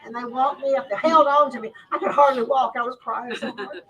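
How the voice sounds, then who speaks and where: Older woman telling a story at a store event, bright high voice, lots of laughing, mic far off. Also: brisk, lo-fi sound. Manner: lively, laughs often, acts out quotes. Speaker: guest speaker. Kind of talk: animated personal storytelling.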